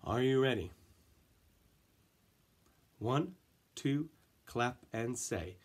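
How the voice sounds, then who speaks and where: A man's voice: mid-range voice, expressive, takes it slowly, long pauses. A man teaching an elementary music class, counting in and chanting rhythm syllables for the children to clap along.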